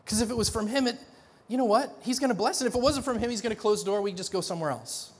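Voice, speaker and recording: A middle-aged man preaching a sermon in a conversational, animated way, with frequent restarts and acted-out dialogue. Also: high voice, fast talker, breathy edge. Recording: long hall reverb.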